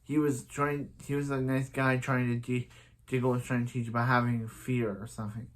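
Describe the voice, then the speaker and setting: A man's voice: flat delivery, moderate pace. Rambling man recapping a TV episode. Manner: rambling, many restarts, quotes characters in a higher voice. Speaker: show reviewer.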